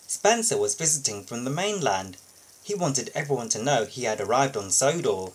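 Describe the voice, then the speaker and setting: A man reading a children's storybook aloud in an expressive, sing-song way. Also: mid-range voice, moderate pace, breathy edge, low-quality recording. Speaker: storybook reader.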